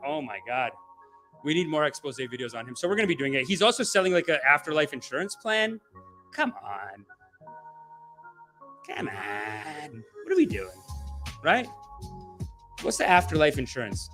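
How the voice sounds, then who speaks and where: A man's voice: fairly high pitch, a bit bright. A man hosting a podcast, rambling, profane and mocking in loose commentary. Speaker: podcast host.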